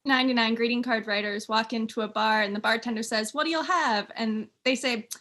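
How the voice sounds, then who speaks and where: A woman improv player telling quick jokes and acting out the quoted voices. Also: a little high, fairly bright tone.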